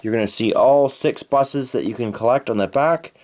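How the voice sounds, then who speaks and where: A man's voice: mid-range voice, normal speed, a little mellow. A man from Canada narrating an unboxing of die-cast toy cars with enthusiastic, playful exclamations. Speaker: toy car reviewer.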